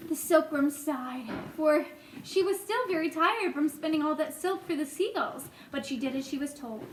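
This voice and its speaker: A woman reading a children's book aloud in a gentle, expressive way. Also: sits high, moderate pace. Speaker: storyteller. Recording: echoey room, faint noise.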